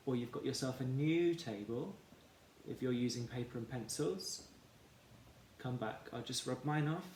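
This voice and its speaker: A man teaching a children's phonics lesson, sounding out words slowly and clearly, syllable by syllable. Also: mid-range voice, a little mellow, slight background noise. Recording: echoey room with faint ambience.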